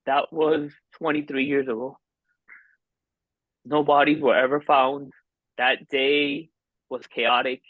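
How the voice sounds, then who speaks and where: A man in his forties from Miami, a podcast guest telling a personal story in an earnest, halting way with many restarts. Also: medium pitch, little pitch movement, no room sound. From Miami, United States. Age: 40s. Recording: dull, dry lo-fi sound.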